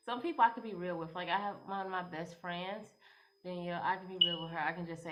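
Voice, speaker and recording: A young woman talks straight to camera in a loose, rambling way. Her voice sits a little low, and she leans on "you know" as she gives her advice. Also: a little fast, fairly bright tone. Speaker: vlogger. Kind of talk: casual advice talk to camera.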